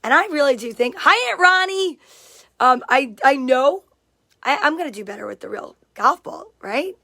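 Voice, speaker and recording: A woman's voice: high-pitched, expressive, normal speed, fairly bright tone. A woman chatting casually on a livestream, greeting viewers by name and reading out their comments. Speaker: livestream host.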